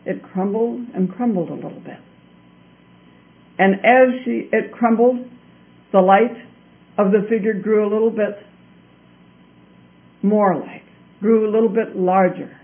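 A man telling a fairy tale in a deliberate way, with a lot of repetition. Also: high-pitched, steady tone, gravelly. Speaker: storyteller. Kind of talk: told fairy-tale narration. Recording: tinny phone-like recording.

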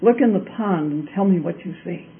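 A man voicing a wise old mentor who speaks slowly, softly and in a measured way. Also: sits high. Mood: gentle. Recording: tinny phone-like recording.

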